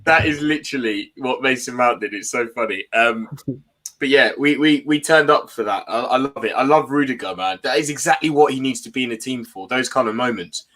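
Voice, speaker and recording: A man talking as a guest fan in a casual football chat, excitable and enthusiastic, laughing often. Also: mid-range voice, a little fast.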